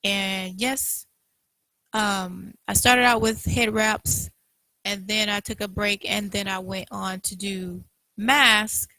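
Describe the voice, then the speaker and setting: A young adult woman with a Southern US accent, co-hosting a casual chat, relaxed and quick to laugh, with many fillers. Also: mid-range voice, no room sound, poor audio. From Florida. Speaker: co-host.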